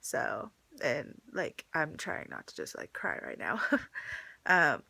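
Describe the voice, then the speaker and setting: A woman's voice: extremely low pitch, wildly swooping pitch, takes it slowly, vocal fry, bright, forceful tone, breathy edge, dry recording. A young woman vlogging to her phone camera in a casual, chatty way, full of likes and ums, a little teary. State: pregnant, teary.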